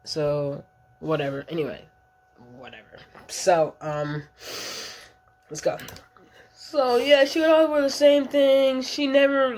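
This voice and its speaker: A woman's voice: fairly low pitch, creaky, slight background noise. A woman in her thirties telling a long story in a casual vlog, blunt, slangy and full of swearing, often rambling off track. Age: 30s. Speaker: vlogger.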